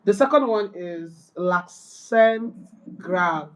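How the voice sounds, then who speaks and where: A woman reading lesson notes aloud at a slow, deliberate pace. She stops to correct herself and apologizes when she gets confused. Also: on the low side, expressive, dull audio. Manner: slow, careful, hesitant, apologetic. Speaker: beginner learner, channel host.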